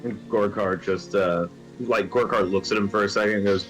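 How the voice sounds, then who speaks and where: A man playing a tabletop game, casually describing what his character does. His voice is very low. Quiet music plays faintly behind him. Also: fairly even intonation, normal speed, rough recording. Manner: casual, matter-of-fact. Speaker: player.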